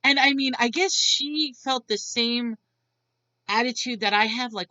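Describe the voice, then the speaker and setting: A woman vents to camera in a blunt, exasperated rant, swearing freely. Her voice is bright and forceful, pitched a little high. The sound is dull, lo-fi and dry. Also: unhurried, dry recording. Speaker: vlogger.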